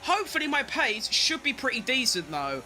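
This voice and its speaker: A man giving excitable, self-mocking live commentary while playing a racing game, talking to himself as he drives. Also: very high voice, normal speed, faint music behind. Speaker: gaming streamer.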